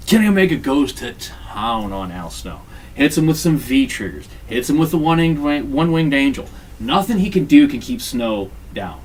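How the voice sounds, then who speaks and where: A man in casual podcast chat, recounting a match with profane, animated energy and acted-out lines. His voice sits in an ordinary middle range. The mic catches him from a little distance, with a faint hiss underneath. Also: mid-range voice, moderate pace. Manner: profane, animated, acts out quotes. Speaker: podcast host recapping a wrestling game.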